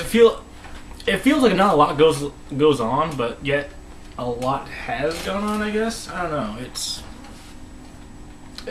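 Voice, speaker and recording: A man's voice: a little high, a bit bright, slight background noise, rough recording. A man casually recapping a TV episode, rambling with many restarts and voice dropping to a mumble. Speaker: episode reviewer.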